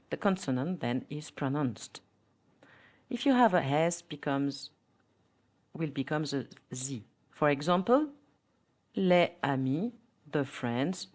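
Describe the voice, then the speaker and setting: A woman's voice: low voice, darkish tone. A woman with a French accent teaching a podcast language lesson, modelling words carefully for listeners to repeat.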